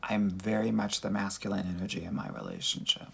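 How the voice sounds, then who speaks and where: Gravelly-voiced man with Valley Girl manner. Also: lowish voice, very animated, brisk, pushed and bright. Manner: chatty, calls viewers girl and honey. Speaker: dating coach. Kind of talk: livestream Q&A answering chat comments.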